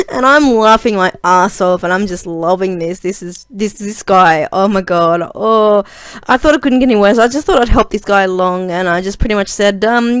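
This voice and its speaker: A woman's voice: mid-range voice, normal speed, clear, resonant tone, dry recording. A young woman chats straight to camera about something that cracked her up. She rambles and giggles and fills her talk with ums. The recording is dry, with almost no room sound. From Australia. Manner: chatty, giggly, full of fillers and animated retelling. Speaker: vlogger. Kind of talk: casual storytelling vlog.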